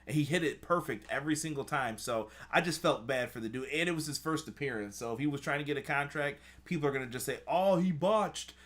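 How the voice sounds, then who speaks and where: A man hosting a casual show review, animated, swearing freely and acting out other people's lines. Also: medium pitch, fast, hardly any pauses. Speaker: show host reading chat. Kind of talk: casual wrestling review chat.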